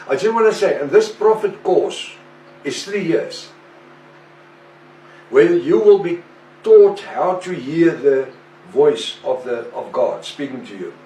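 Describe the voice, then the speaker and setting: Man, preacher, slightly high voice, echoey room, faint background ambience. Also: a little mellow, far from the mic, slight background noise. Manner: slow and deliberate, with rhetorical questions. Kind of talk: sermon-style teaching monologue.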